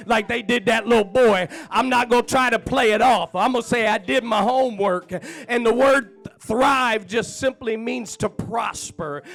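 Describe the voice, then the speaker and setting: Male preacher: very high, gravelly voice; folksy church sermon with shouted refrains, faint music underneath. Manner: fervent, climbing to shouted repeated refrains; folksy, chatty asides to the congregation.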